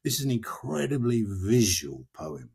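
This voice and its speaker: Husky older man discussing poetry. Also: lowish voice. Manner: expressive, reads verse aloud slowly and dramatically. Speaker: author and guest. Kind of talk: passionate literary discussion.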